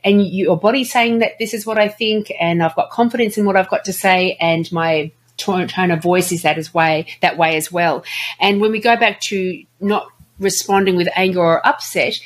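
An Australian woman co-hosting a casual advice chat, playful and quick to laugh. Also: lowish voice. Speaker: podcast co-host.

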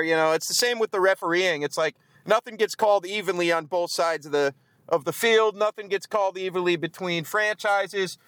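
A man's voice: high-pitched, fairly bright tone, smooth, no room sound. A man giving a profane, grumbling post-game rant as a fan vlogger. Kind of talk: ranting post-game chat. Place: outdoors in the cold.

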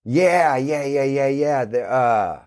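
A man's voice: medium pitch, lively intonation, slow, a little mellow. A man from Santa Cruz, a skateboarder guest, telling stories in a loose, rambling way full of fillers. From Santa Cruz, California. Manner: rambling storyteller, many fillers, easygoing. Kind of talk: casual interview.

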